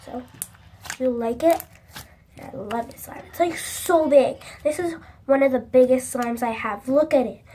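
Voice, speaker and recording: Young woman vlogger, high voice, rambling casual chat on a phone. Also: measured pace, slight background noise. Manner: chatty, many likes and restarts; excitable, shrieks when upset. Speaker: slime collection vlogger. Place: bathroom at home. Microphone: phone held by speaker. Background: faint YouTube video in another room.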